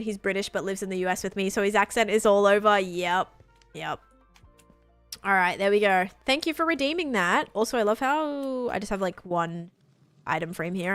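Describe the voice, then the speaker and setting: A young woman with an Australian accent that is drifting toward American, chatting casually and rambling while she streams a game. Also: fairly low pitch. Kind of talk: casual live-stream chat.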